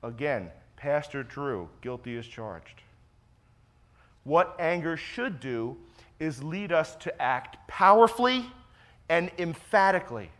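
Emphatic preaching pastor with bright voice. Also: male voice, fairly high pitch, big pitch swings, slow. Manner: emphatic preaching, repeats key phrases, drops to quiet asides. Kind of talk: sermon.

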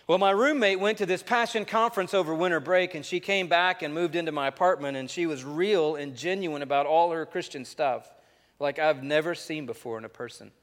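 A man preaches in a large church, telling a story with animated energy and reading a letter aloud. His voice sits on the higher side. The sound carries a long reverb from the hall. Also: a little fast. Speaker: pastor. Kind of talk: sermon.

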